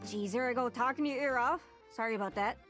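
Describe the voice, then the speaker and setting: A woman's voice: on the high side, quick pace, music in the background, natural voice. An actress voicing a chatty, lonely globe woman in a video game, with a Newfoundland accent and a rambling, folksy, over-eager way of talking. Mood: chatty wistful. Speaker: game character.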